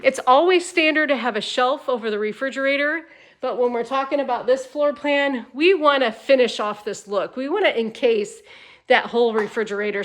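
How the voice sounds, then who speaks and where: A woman's voice: a little high, a bit bright. A woman hosting a walkthrough tour inside a manufactured home, chatty and upbeat as she talks straight to viewers, tired at the end of a long day. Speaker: home sales host giving a tour.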